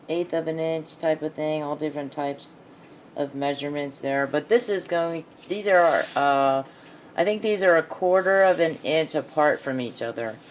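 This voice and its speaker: A woman's voice: deep voice, a little hiss or hum. A woman hosting a casual craft video, talking herself through each step as she measures and cuts. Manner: thinks aloud while working, self-talk. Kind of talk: casual craft tutorial narration.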